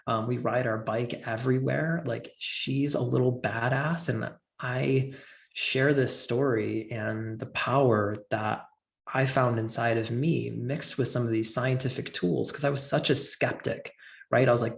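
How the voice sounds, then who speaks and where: A man's voice: mid-range voice, steady tone, unhurried, gravelly. A man telling a personal story as a podcast guest, earnest and filling his talk with "like". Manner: earnest, heavy use of "like".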